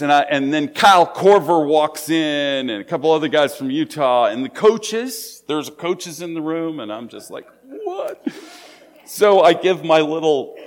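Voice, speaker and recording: Lively, animated male preacher. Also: on the high side. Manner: animated storytelling, conversational. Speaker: pastor. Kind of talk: sermon.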